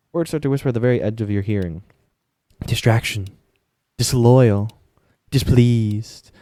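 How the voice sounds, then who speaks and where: A gaming streamer with a lowish, dark, smooth voice, recorded dry at studio quality, plays a video game on stream. He reads the game's narration aloud and mutters casual reactions in between, swearing now and then in this relaxed let's-play commentary.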